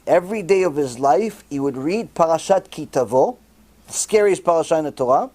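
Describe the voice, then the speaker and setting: A middle-aged man preaches in a sermon, his voice sitting fairly high. He swings his pitch widely and acts out the voices of people he quotes. His delivery is animated and expressive. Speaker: rabbi.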